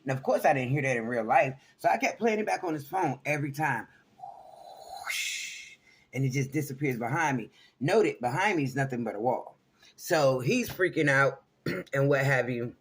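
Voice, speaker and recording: Husky man telling a personal story. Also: mid-range voice, expressive, a little fast. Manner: rambling, conversational, checks in with listeners often. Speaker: vlogger. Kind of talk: casual storytelling to camera.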